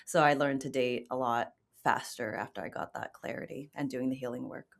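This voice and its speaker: A woman with a low voice talks openly in an interview. She tells her story in a candid, reflective, conversational way. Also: fairly even intonation, a little fast, vocal fry. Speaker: guest. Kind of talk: casual interview talk.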